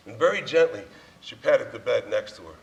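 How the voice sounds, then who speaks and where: A man's voice: mid-range voice, expressive, a little fast, creaky. A man performing a heartfelt personal monologue on a theater stage, telling his story with frequent chuckles. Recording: distant stage recording, faint ambience.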